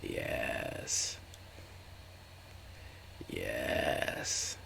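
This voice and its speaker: A man's voice: very deep voice, expressive, extremely slow, creaky, sharp tone, a little hiss or hum. A man giving casual, chatty commentary while streaming a card game and talking to his live chat.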